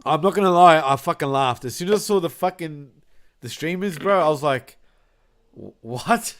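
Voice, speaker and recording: Man, slightly high voice, laughs a lot, says bro constantly, crude casual podcast banter. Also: fairly quick, a bit bright, smooth. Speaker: podcast co-host.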